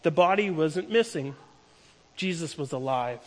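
A man preaching a sermon, retelling a story with emphatic, slowing delivery. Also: a little high, animated. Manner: storytelling, emphatic, slows down for key lines. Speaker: pastor. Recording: long hall reverb.

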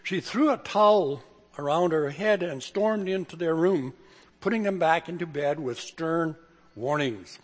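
A man's voice: fairly high pitch, unhurried, in a large hall. An older man, a pastor and grandfather, giving a sermon in a folksy, chuckling storytelling manner. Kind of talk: sermon with humorous stories.

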